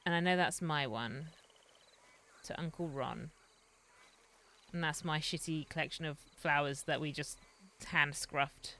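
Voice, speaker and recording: A woman's voice: low voice, measured pace, long pauses, pushed and bright, a little hiss or hum. A woman streaming a roleplay game, chatting in a rambling way and laughing often. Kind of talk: casual chat while streaming a roleplay game.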